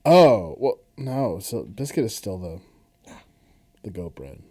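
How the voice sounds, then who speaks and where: A man's voice: lowish voice, very animated, slow pace, mellow, breathy edge. A man co-hosting a podcast in casual chat, rambling with frequent laughs and restarts. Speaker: podcast co-host.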